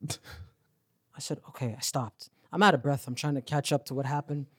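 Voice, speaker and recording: A man's voice: mid-range voice, moderate pace, husky, no echo, clean studio sound. A young man with a Toronto accent telling a story on a podcast, acting out the voices and laughing as he goes. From Canada. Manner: animated storyteller, acts out quotes, laughs often. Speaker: podcast host. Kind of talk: casual storytelling.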